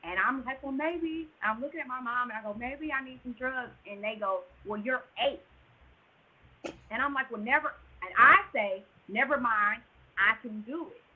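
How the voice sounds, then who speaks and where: A woman telling an emotional birth story as a podcast guest, animated and sometimes near-shouting. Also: fairly high pitch, normal speed, husky. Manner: animated, rises to near-shouts at tense moments. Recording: tinny phone line.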